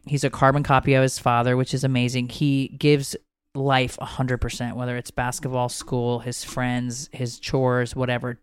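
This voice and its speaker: Blunt, animated woman chatting. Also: extremely low pitch, smooth, no echo. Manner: animated, blunt, swears freely. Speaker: podcast co-host. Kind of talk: casual chat.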